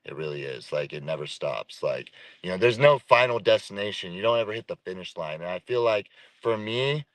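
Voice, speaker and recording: Man, very low voice, reflective, casual swearing, dry sound. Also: animated, brisk, fairly bright tone, no room sound, low-quality recording. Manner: reflective, profane, repeats phrases. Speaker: podcast guest. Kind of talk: casual podcast conversation.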